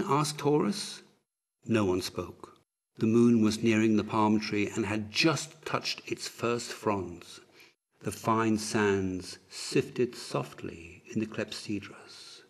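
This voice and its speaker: Slow, measured male audiobook narrator. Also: fairly low pitch, steady tone. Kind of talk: scripted narration.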